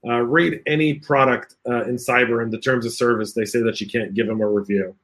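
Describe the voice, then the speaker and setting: A man's voice: mid-range voice, steady tone, fairly quick, a bit bright. Guy hosting a casual panel stream, jokey, laughs a lot, says um constantly. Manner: jokey, laughs often, many fillers. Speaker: podcast host reading chat comments.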